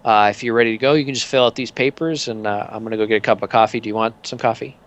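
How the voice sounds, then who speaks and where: A man's voice: medium pitch, fairly even intonation, rapid-fire, natural voice. A man doing a fussy, rambling bank manager. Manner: rambling, hesitant. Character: portly bald male bank manager, fussy, proud of his security.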